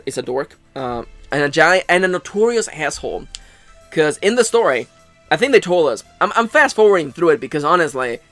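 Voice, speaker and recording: A man's voice: on the high side, a bit bright, no echo. A man hosting a casual let's play, rambling and sarcastic, swearing and tripping over his words. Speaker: gaming channel host.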